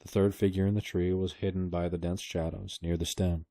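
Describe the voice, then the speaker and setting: A man reading a book aloud to his kids, telling the story at a steady pace. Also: low-pitched, a little fast, no echo.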